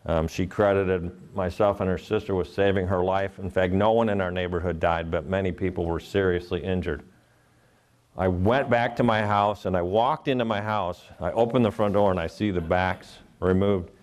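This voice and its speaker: Low-voiced middle-aged man telling stories onstage. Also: fairly even intonation, normal speed, a little mellow. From Ohio. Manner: earnest, acts out voices in stories. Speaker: motivational speaker. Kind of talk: live keynote storytelling.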